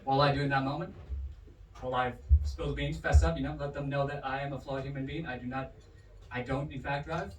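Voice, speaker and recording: A man doing a stand-up comedy set at a bar comedy night, animated and swinging his pitch hard for punchlines. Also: a little fast, a little hiss or hum. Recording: roomy, distant bar recording with audience. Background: crowd laughter.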